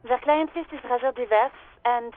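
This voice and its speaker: Young woman over radio, tinny phone-like sound, fairly high, polite, weary. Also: normal speed. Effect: radio line. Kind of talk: voiced game dialogue. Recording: tinny radio line with music.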